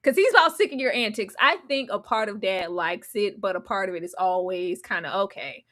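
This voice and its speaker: A woman guest on a live episode discussion, talking in an animated, dramatic way with slangy asides. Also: mid-range voice, brisk. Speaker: guest co-host.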